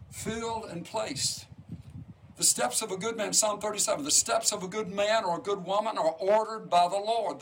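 A high-pitched man preaches with fervent emphasis, hammering phrases again and again and restarting lines as he builds. Faint noise hums under the recording. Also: a bit bright, low-quality recording. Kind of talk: sermon.

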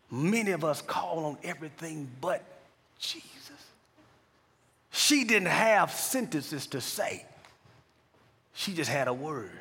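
A man preaching a sermon, telling a quiet story from his hospital chaplain work and building to loud, fervent preaching. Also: mid-range voice, breathy edge. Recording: long reverb of a large hall.

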